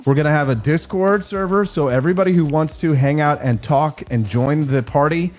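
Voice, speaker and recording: A man hosting a casual talk show, chatting warmly with guests and plugging upcoming streams. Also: a little high, a little fast, faint music behind. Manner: upbeat, friendly sign-off patter. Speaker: show host. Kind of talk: casual chat.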